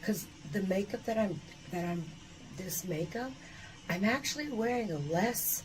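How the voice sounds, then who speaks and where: Woman, casual selfie vlog, excitable, swears a lot, filler-heavy, noisy phone recording. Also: mid-range voice, unhurried. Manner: excited, profane, rambling with many fillers. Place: indoors at home. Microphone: phone camera.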